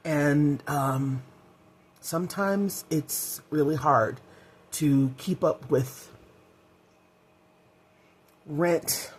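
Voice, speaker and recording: Woman, middle-aged, husky breathy voice, casual vlog, heartfelt, rambling. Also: low voice, a little mellow. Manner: candid, heartfelt, rambling with fillers. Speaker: vlogger.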